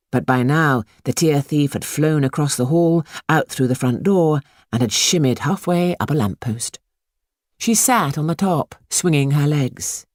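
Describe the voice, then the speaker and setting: A woman reading a children's story aloud in a hushed, suspenseful manner. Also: low-pitched, no echo, clean studio sound. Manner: hushed and suspenseful, lingering on words. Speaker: audiobook narrator. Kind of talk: scripted storybook narration.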